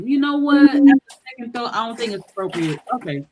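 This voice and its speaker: Woman, slightly high voice, chatty podcast co-host. Casual storyteller. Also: lively intonation, brisk, hardly any pauses, a little mellow, slight background noise. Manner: chatty, storytelling with quoted lines.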